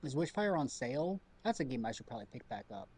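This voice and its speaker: A man's voice: medium pitch, big pitch swings, fast, darkish tone, husky. A man streaming a game from home, chatting casually and rambling to his chat, repeating himself as he goes.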